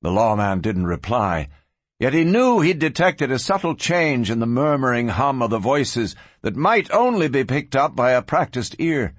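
Expressive husky male audiobook narrator. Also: medium pitch, normal speed, dry recording. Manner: expressive, varied storytelling. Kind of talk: scripted western audiobook narration.

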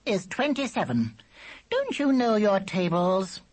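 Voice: medium pitch, sing-song, measured pace, darkish tone, voice pushed up. A reader voicing a clever talking baby boy who speaks in a dry, patient, know-it-all way. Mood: teasing. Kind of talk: audiobook character voice.

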